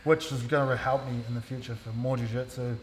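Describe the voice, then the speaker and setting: A man with a New Zealand accent, a gym coach talking casually and explaining technique in a relaxed, slangy way. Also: medium pitch, brisk, a little hiss or hum. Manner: relaxed, slangy, lots of fillers. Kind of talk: casual interview and technique instruction. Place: gym hall. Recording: echoey gym hall.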